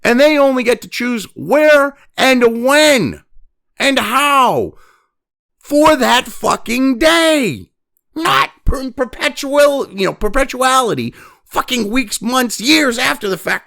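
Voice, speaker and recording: This man hosts a ranting news commentary, and his voice is high and sing-song, with vocal fry and a fairly bright tone. He reads the news text quickly, then breaks off to vent, sighing heavily and sounding profane and exasperated.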